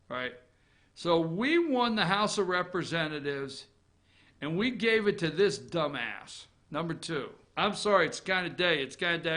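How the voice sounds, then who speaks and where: A man's voice: high voice, pushed and bright. A man hosting a political opinion show, ranting sarcastically, swearing freely and laughing at his own jokes. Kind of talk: off-the-cuff political commentary.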